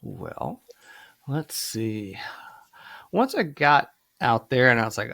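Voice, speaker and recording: A man being interviewed as a guest voice actor, looking back on his early career in a slow, reflective way. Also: medium pitch, big pitch swings, vocal fry, bright, forceful tone, dry recording. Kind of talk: casual conversational interview.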